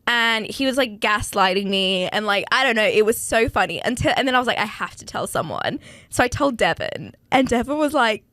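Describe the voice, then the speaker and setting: A woman's voice: fairly high pitch, fairly quick, hardly any pauses. A woman co-hosting a casual podcast, telling a story with lots of laughter and acted-out quotes. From Brazil. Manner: animated storyteller, acts out quotes, laughs often. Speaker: podcast co-host. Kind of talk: casual chat.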